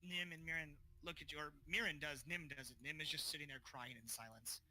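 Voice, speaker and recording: A man's voice: a little high, fairly even intonation, a little fast, sharp tone, poor audio. A man narrating as game master of a tabletop game, casual and loose.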